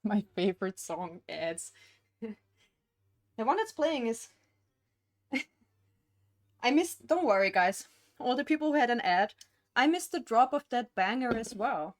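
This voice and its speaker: A woman's voice: on the high side, expressive, slow, long pauses, no room sound, clean studio sound. A young woman streaming live from home, chatting casually and rambling while she paints, with frequent laughs.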